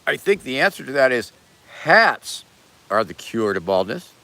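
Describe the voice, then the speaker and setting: An older man chats casually on a livestream, answering viewers with deadpan, absurd jokes. His pitch sits in the middle but swings widely, and he breaks into shouted pleas for donations. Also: moderate pace, vocal fry. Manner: jokey, deadpan absurd humor, begging for donations in bursts of loud shouting. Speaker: livestream host reading super chats.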